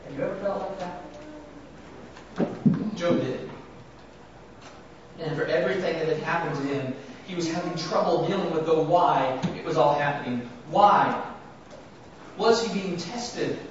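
A man's voice: a little high, unhurried, pauses often, noisy background. A man preaching a sermon who keeps asking his congregation rhetorical questions and acts out the words of scripture with rising emphasis. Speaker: pastor. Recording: very echoey, distant, dull sound.

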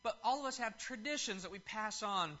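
A man's voice: high-pitched, brisk, pushed and bright. A man preaching a Sunday sermon, moving from casual announcements to emphatic teaching. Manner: conversational, rising to emphatic preaching. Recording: dull lo-fi sound.

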